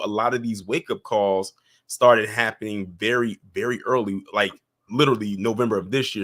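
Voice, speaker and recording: A man hosting a call-in livestream, chatting casually with callers and thanking supporters. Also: lowish voice. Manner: relaxed, chatty, many fillers. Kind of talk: casual chat.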